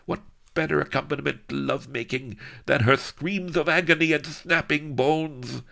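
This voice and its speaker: A man voicing a mad, obese tyrant viceroy who lisps and hisses, cruel and prone to shrill screams, in an audiobook. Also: normal speed, gravelly, pushed and bright, exaggerated voice. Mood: gloating menace. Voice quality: lisping, hissing, sibilant. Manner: sadistic, swings to shrill screams. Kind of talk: audiobook character voice.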